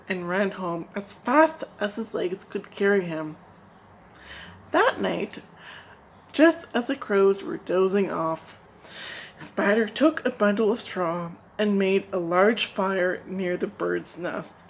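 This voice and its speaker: Woman from Nigeria reading a folk tale, slow and gentle, soft hiss behind. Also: mid-range voice, creaky, poor audio. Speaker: storyteller. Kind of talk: storybook narration.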